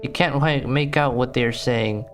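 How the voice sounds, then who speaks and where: A man's voice: mid-range voice, normal speed, fairly bright tone, faint music behind. A man playing a game on video, reading its text aloud with casual, bemused commentary. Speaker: gaming YouTuber.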